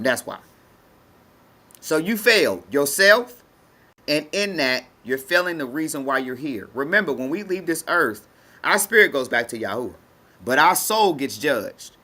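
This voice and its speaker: A woman's voice: low voice, sharp tone. A woman teaching a spiritual message to an audience, emphatic and colloquial, repeating phrases for effect. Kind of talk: preaching to an audience.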